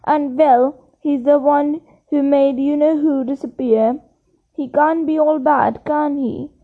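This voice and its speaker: A woman's voice: high-pitched, fairly even intonation, takes it slowly. A woman voicing an anxious, uncertain blonde schoolgirl. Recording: tinny phone-like sound.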